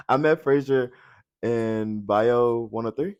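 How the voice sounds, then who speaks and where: A young man hosting a casual podcast chat, loud and outgoing, with many filler likes. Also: mid-range voice, slow, clear, resonant tone, lo-fi sound. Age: young adult. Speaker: podcast host.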